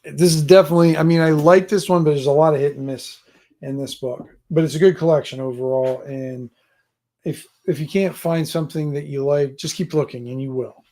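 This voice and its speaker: With a slightly high, warm voice, a man talks briskly and steadily during a casual live stream on designing a tabletop adventure. He rambles while thinking aloud and kids around with his viewers, sitting in a home room backed by gear and books.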